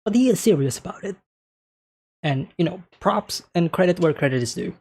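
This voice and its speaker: A man's voice: sits high, expressive, a little fast, darkish tone, breathy edge. A man hosting an anime reaction, talking casually and thinking aloud as he comments on each scene, often checking in with "right?".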